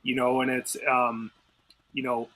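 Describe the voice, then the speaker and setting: A man's voice: mid-range voice, completely flat delivery, measured pace, fairly bright tone, rough recording. A man co-hosting a podcast, talking through a self-defense case in a loose, thinking-aloud way with many fillers and restarts. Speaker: podcast co-host. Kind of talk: casual discussion.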